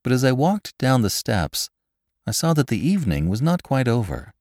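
A man's voice: mid-range voice, very animated, moderate pace, darkish tone, dry recording, studio quality. A man reading a classic novel aloud as an audiobook narrator, voicing each character expressively.

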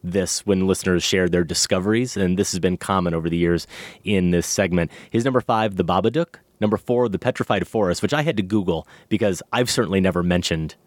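A male podcast co-host chatting casually and reading listener donations aloud in a relaxed, wry way. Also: low voice, a little fast, dry recording.

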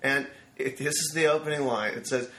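A man's voice: mid-range voice, brisk, reverberant. A man in his fifties, a screenwriter guest telling stories on a studio mic, acting out the voices of people he quotes. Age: 50s. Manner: animated storyteller who acts out quotes. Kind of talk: anecdotal storytelling interview. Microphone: studio microphone.

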